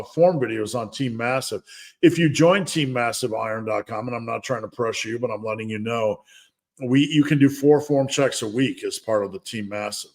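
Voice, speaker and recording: A middle-aged man hosts a live fitness Q&A stream, answering viewers in a loose, rambling way. He talks at an ordinary middle pitch and drifts into asides, often laughing at himself. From United States. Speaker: fitness coach and livestream host. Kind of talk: casual livestream Q&A.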